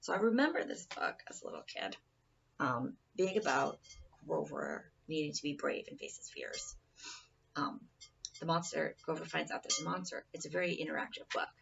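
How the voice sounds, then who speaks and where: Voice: medium pitch, moderate pace, gravelly, a bit bright, lo-fi sound, a little hiss or hum. A person giving an informal presentation speech in a rambling, casual way, often restarting sentences, recorded from a distance.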